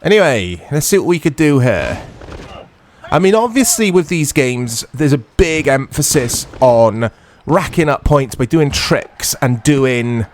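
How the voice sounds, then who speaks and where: Man, gaming vlog host, casual play-by-play, lively pitch, faint background hiss. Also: unhurried. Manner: chatty, self-deprecating, talks to viewers while playing. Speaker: retro gaming channel host. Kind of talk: casual gameplay commentary.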